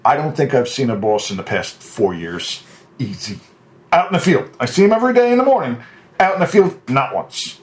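A man's voice: mid-range voice, very animated, brisk. A man co-hosting a podcast in casual chat, making dry, sarcastic asides. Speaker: podcast co-host.

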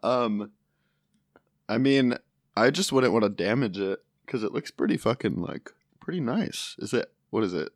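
A man's voice: lowish voice, expressive, moderate pace, no echo, studio quality. A man co-hosting a podcast in casual chat, wry and swearing freely. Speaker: podcast co-host.

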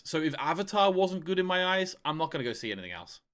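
A man's voice: a little high, lively intonation, fast, fairly bright tone. A young man co-hosting a film podcast, easygoing and hesitant, often restarting his sentences. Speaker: podcast co-host. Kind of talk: casual film chat.

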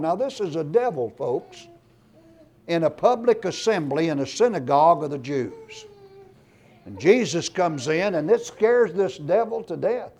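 A man's voice: on the high side, expressive, measured pace, slightly rough. A man preaching a sermon, reading scripture aloud and pressing his points with emphasis. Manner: emphatic, rising loud on scripture and lists.

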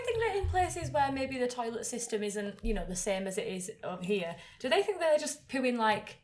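A woman's voice: a little high, big pitch swings, moderate pace, hardly any pauses, slight background noise. A woman co-hosting a podcast in casual chat, giggly and trailing off mid-sentence. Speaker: podcast co-host.

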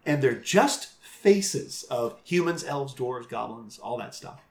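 Male game master, animated chatter and frequent laughs, echoey room sound. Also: mid-range voice, slow pace. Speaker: game master of a live show. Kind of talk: casual interview chat.

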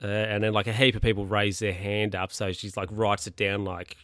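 A man's voice: on the low side, flat delivery, normal speed, a bit bright, dry recording, studio quality. A man casually recapping a story, rambling with lots of fillers and restarts. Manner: rambling, hesitant with many fillers. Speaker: podcast recapper. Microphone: handheld or desk mic, bumped by hand.

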